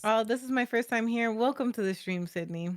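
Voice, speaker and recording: A woman's voice: a little high, a little fast, dry recording, clean studio sound. A woman co-hosting a live stream, encouraging and laughing in casual chat. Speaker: co-host streamer.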